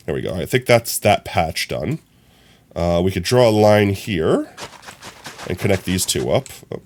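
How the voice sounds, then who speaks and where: A young man chatting casually on his live stream, telling stories in an animated, rambling way full of fillers. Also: fairly low pitch. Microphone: streaming from a phone.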